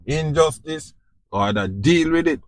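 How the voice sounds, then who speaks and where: This Jamaican-accented podcast host speaks with a fairly high pitch and lively intonation, a little slowly, with no room sound. His informal spiritual talk comes across as preachy and repetitive, and he keeps asking whether you understand.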